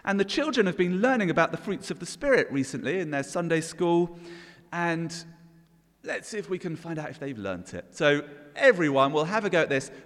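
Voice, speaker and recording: A man's voice: a little high, sing-song, fairly quick, a bit bright. A man preaching an all-age sermon in a church, leading the congregation in call and response. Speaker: pastor. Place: church hall. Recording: long church reverb.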